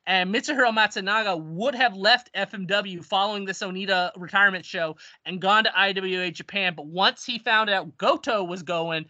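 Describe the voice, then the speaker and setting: A man with a high, sharp voice talks at normal speed with hardly any pauses, recorded dry with dull audio. On a podcast he casually retells a long wrestling history story, rambling with restarts and acting out quotes.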